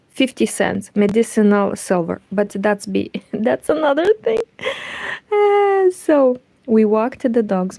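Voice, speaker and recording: A young woman chatting casually in a hushed, partly whispered voice while she crochets, rambling and correcting herself as she goes. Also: medium pitch, dry recording. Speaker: crochet vlogger.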